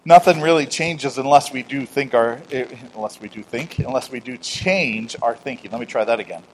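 A middle-aged man preaching a conversational sermon, swinging from loud emphatic declarations to quiet storytelling with self-deprecating humor and acted-out dialogue. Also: mid-range voice, moderate pace, slightly rough, low-quality recording. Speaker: pastor.

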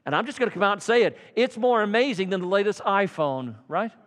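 Man, preacher, evening sermon, high voice, loud-to-hushed swings, long hall reverb. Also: animated, fast talker. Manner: dramatic swings from loud fervor to hushed tones. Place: church sanctuary.

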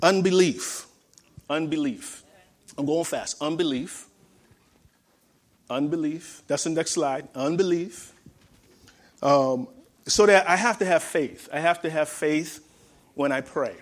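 A man's voice: a little high, takes it slowly, pauses often. A male pastor preaching a sermon to a congregation, often repeating phrases and asking them questions.

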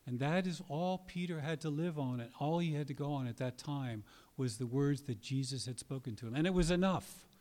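A man preaching a sermon in an earnest, emphatic way, with dramatic pauses and short acted quotes. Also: medium pitch, darkish tone.

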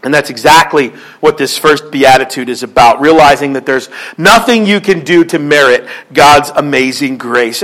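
A male pastor delivers a sermon, his voice sitting high for a man. He builds his points through repetition and rising emphasis, and he slips into quoted voices to tell a joke. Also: normal speed, a bit bright, poor audio.

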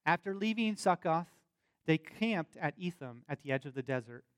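A man's voice: on the high side, lively intonation, normal speed, no echo, studio quality. A man preaching a sermon, reading scripture aloud and explaining it in a plain teaching tone with asides and questions to his listeners.

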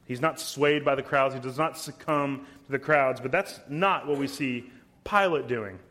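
A man preaching an expository sermon, emphatic and deliberate, reading scripture verses aloud between his comments. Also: mid-range voice, a bit bright. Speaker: pastor.

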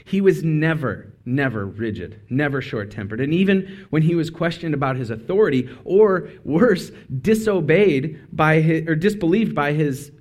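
A man preaching a casual, conversational sermon, full of asides and quick self-corrections. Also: fairly high pitch, animated, a little mellow. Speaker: speaker.

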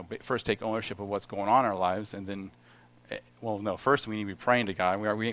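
A middle-aged man giving an informal Bible teaching, reading verses aloud and then explaining them with many restarts and fillers. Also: lowish voice. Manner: reads scripture aloud then comments conversationally. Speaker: lay preacher at a Bible study.

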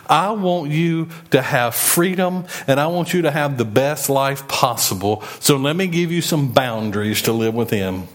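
A man preaching a sermon in a folksy, emphatic way. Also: a little high. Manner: folksy, emphatic preaching with rising and falling delivery. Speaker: pastor.

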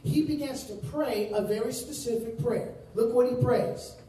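A male pastor preaching a sermon to a congregation, stressing words and stretching out key phrases slowly. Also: very high voice, dark tone. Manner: emphatic preaching with slow drawn-out phrases. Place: large room with congregation. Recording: very echoey room, distant mic.

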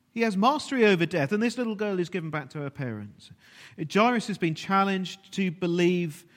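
A man preaching a sermon earnestly, at times dropping to a hushed, almost whispered voice. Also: high voice. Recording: long reverb of a large hall.

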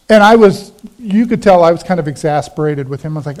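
A middle-aged man, a pastor, giving a conversational sermon and telling a personal story, quoting friends in a lowered voice. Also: expressive, quick pace, few pauses, darkish tone.

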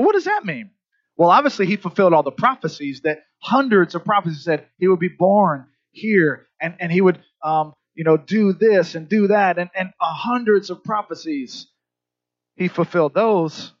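A male pastor delivers a sermon in a chatty, conversational manner, prompting the congregation to fill in words. His voice sits fairly high. The sound is dry and a bit muffled. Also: no room sound.

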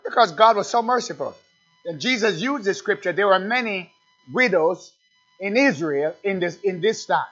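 A man with a fairly high, expressive voice preaches a sermon at a moderate pace, calling out questions and answering them in rising refrains. His call-and-response delivery builds to loud refrains. The lo-fi recording sounds dull, with faint music underneath.

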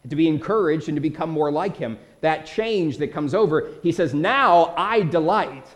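A man preaching a sermon as pastor, animated, with dramatic quoted outbursts. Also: on the high side, brisk.

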